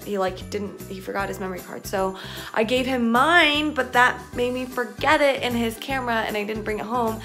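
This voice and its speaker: A woman's voice: a little high, moderate pace, sharp tone, faint music behind. A young woman vlogging at home in a chatty, casual way, full of filler words. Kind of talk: casual vlog chat.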